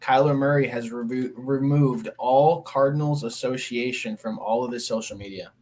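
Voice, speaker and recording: Male guest, mid pitch, blunt, casual sports talk. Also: normal speed, a little mellow. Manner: blunt, quotes stats. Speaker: podcast guest.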